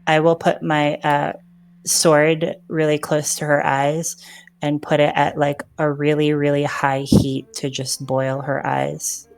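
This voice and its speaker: A low gravelly woman player. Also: level tone, takes it slowly. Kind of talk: live tabletop game chat.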